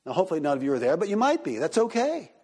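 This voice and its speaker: A man pastor teaching a church group and taking questions, animated and acting out quoted voices. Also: on the high side, rapid-fire, husky. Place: church hall. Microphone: handheld microphone. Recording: reverberant hall.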